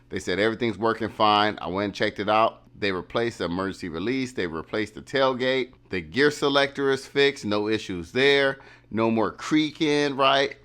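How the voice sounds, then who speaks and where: Man telling a casual vlog story. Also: on the low side. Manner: animated, repeating catchphrases, acting out quotes. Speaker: vlogger.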